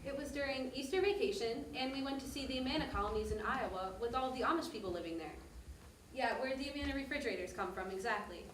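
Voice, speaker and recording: Speaking quickly in a high, lightly acted voice, a stage actor narrates as a mother recalling a family trip, giving her daughter a warm, detailed account. This theater monologue is heard from afar on an echoey stage, with slight hiss or hum.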